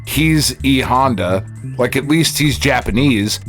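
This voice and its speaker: Slow-talking, profane ranting man. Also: mid-range voice, animated, fairly bright tone, faint music behind. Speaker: podcast co-host. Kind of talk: casual chat.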